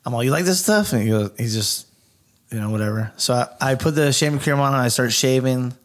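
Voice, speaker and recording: A man's voice: medium pitch, brisk. Californian guy on a podcast, telling a wild story, swears a ton, does everyone's lines. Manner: animated, swears a lot, acts out quotes. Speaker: podcast guest, barber. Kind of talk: casual storytelling chat.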